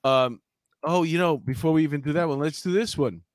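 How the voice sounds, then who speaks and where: A man's voice: a little high, fairly quick, dry recording, clean studio sound. A man co-hosting a casual news chat, rambling with fillers and restarts as he tells a story. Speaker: podcast co-host.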